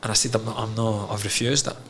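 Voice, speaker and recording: Man, podcast guest, lowish voice, frank and emotional, swears a lot. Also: level tone, fast, background noise. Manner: frank and emotional, swears freely, calls the host mate. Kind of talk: candid personal storytelling.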